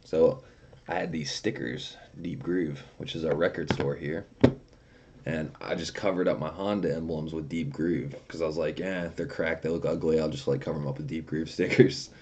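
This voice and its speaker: A man's voice: a bass voice, moderate pace, darkish tone, slight background noise. A young man casually chatting on a livestream, reading viewer comments aloud and telling profane stories with frequent laughter. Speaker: streamer.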